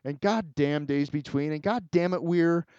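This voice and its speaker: A man's voice: a little high, normal speed, darkish tone, clean tone, dry recording, lo-fi sound. A middle-aged man hosting a casual solo podcast, rambling and emotional, swearing freely and talking straight to his listeners. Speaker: podcast host.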